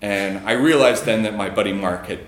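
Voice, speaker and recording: A man's voice: lowish voice, moderate pace. Casual man telling a story in an echoey room. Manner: casual, chuckling, many fillers. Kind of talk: live personal storytelling.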